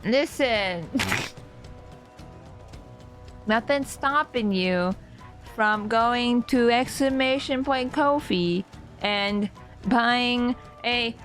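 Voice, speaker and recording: Young woman streamer chatting over her game, slow and bouncy, bit of music behind. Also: fairly high pitch, fairly bright tone. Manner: playful, giggly, chatty. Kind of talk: casual gameplay commentary.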